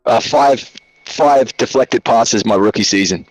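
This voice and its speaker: A man's voice: medium pitch, a little slow, dry recording, low-quality recording. A man with an Australian accent, a guest telling rambling, joking stories in a casual interview over a call. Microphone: video call.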